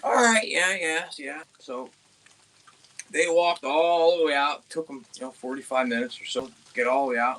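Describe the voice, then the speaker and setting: Excitable young man telling a hunting story. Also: medium pitch. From Pennsylvania, USA. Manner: rambling, excited storytelling with many restarts. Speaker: outdoors channel host.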